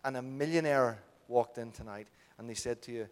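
A man with an Irish accent preaching a sermon, swinging from loud peaks to soft, quiet passages. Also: medium pitch, normal speed, clean tone. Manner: impassioned, builds to loud peaks then drops soft. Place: church hall. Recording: reverberant hall.

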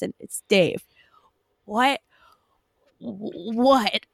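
A woman co-hosting a casual fan podcast, animated and ranting, swearing often and filling her talk with "like". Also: fairly high pitch, takes it slowly, vocal fry, pauses often, no room sound, clean studio sound. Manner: animated, swears a lot, many "like" fillers. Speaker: podcast co-host.

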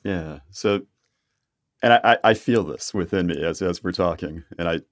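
A man hosting a casual interview, talking conversationally with halting restarts as he asks questions. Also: low voice.

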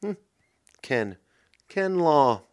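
A man hosting a comedy podcast, rambling excitably from one silly tangent to the next. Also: fairly high pitch, drawn-out words. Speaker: podcast host. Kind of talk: rambling comic chat.

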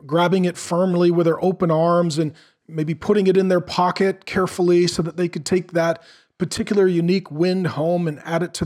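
Earnest man preaching a sermon. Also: high-pitched. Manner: earnest, conversational preaching with rhetorical questions. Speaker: pastor.

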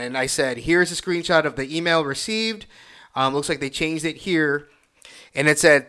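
Bright, crisp-voiced man ranting. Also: on the high side. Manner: profane, exasperated, reads messages aloud. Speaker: podcast host. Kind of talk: casual solo rant.

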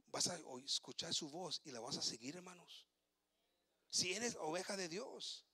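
High, bright-voiced bilingual preacher man. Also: no echo, studio quality. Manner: switches between English and Spanish, repeats words, builds to shouting. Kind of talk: bilingual sermon.

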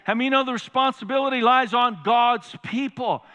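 A man's voice: very high voice, steady tone, moderate pace, pushed and bright, lo-fi sound. A man preaching a sermon as pastor, emphatic and often putting questions to the congregation. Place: large church sanctuary. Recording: reverberant church hall.

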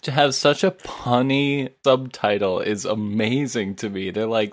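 A man's voice: lowish voice, a little slow, hardly any pauses, no echo, clean studio sound. A man co-hosting a casual comedic chat, laughing often as he riffs on absurd jokes.

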